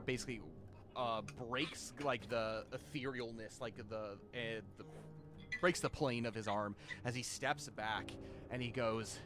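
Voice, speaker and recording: A man's voice: mid-range voice, noisy background. A man narrating a tabletop game as game master, talking in a hesitant, filler-heavy way. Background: background music.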